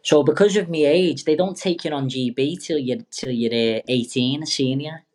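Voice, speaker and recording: A man's voice: a little high, moderate pace, darkish tone. A young man, a boxer guest telling rambling, sweary, jokey stories in a casual interview. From England.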